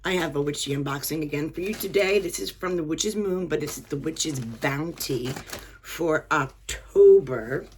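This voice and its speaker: A woman vlogger chatting casually as she unboxes items at home, excitable, gasping and dropping to whispers with delight. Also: deep voice, moderate pace, slight background noise.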